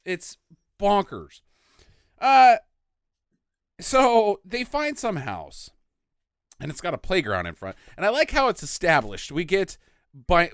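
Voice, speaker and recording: Lively, laughing woman riffing on a movie. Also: deep voice, no room sound, clean studio sound. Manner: laughs often, acts out quotes. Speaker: podcast co-host. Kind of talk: casual movie-riffing chat.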